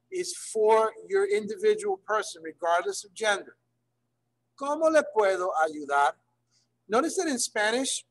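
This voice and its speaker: A man teaching library staff in an online workshop, checking in often with his class and slowing down to model phrases. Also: high voice, fairly bright tone, rough recording. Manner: checks in often, gives examples slowly. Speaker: Spanish instructor for library staff.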